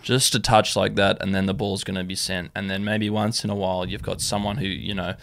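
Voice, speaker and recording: A man's voice: deep voice, level tone, brisk, gravelly, fairly bright tone. A man co-hosting a rugby podcast, talking bluntly and casually, swearing freely. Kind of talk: casual sports chat.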